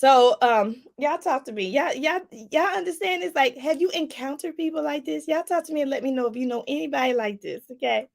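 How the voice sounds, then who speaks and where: Animated woman life coach, gravelly voice. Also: high voice, a little fast, hardly any pauses. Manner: animated, laughing, talks straight to the viewer with "y'all". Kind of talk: casual advice talk to viewers.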